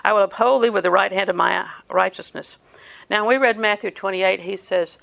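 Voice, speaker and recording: Older woman, gravelly voice, earnest sermon, scripture quotes. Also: medium pitch, normal speed, fairly bright tone. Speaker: preacher.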